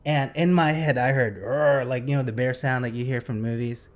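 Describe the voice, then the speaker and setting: Excitable man telling a story. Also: mid-range voice, fairly quick. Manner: animated, excitable storytelling with vivid sound effects. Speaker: podcast host. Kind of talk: casual storytelling chat.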